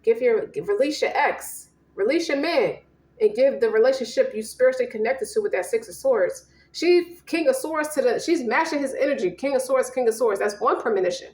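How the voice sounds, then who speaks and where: A woman's voice: a little high, animated, brisk, a little mellow, echoey room. A woman giving a casual tarot reading, slangy and profane, rambling and emphatic. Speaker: tarot reader.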